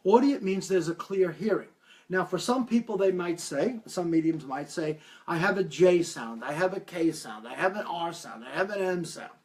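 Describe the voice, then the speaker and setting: Guy livestreaming as a medium, higher voice, acts out the people he quotes. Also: animated, moderate pace, a little mellow. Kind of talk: live-stream talk answering viewer questions.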